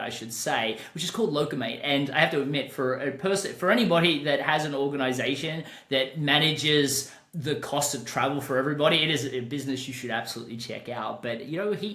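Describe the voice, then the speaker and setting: An Australian man hosts a podcast with eager, conversational energy, doubling up words as he gets going. His voice sits at an ordinary middle pitch. The recording has a roomy echo around it. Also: bright, forceful tone. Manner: enthusiastic, repeats words when starting sentences. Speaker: podcast host.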